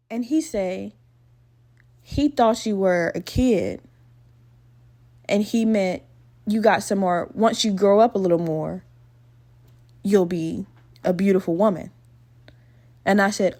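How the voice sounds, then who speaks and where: Animated, profane young woman storyteller. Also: fairly high pitch, moderate pace, creaky. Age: 20s. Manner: animated, profane, laughing storyteller with acted quotes. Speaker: podcast host. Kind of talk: casual storytelling monologue.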